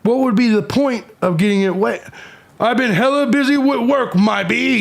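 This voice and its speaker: This livestream host, a man in his forties, has a gravelly, animated voice that sits high and moves at normal speed. Reading comments from viewers out loud, he fires back at trolls with profanity and aggression.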